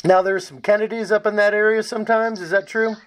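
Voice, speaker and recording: A man's voice: high-pitched, level tone, fairly quick, a bit bright, clear, resonant tone. A middle-aged man hosting an interview, asking questions in an upbeat, chatty way. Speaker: podcast host. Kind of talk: casual interview.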